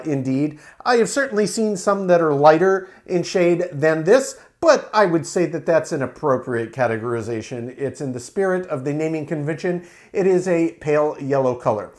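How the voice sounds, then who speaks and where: A man reviewing a beer to camera in a relaxed, explanatory way, with frequent fillers. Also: a little high.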